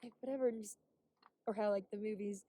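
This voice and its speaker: Out on a hiking trail, a young woman speaks fast in a steady, mid-range, mellow voice, rambling candidly for her vlog. She swears a lot and sometimes drops to a whisper, and the audio has no room sound.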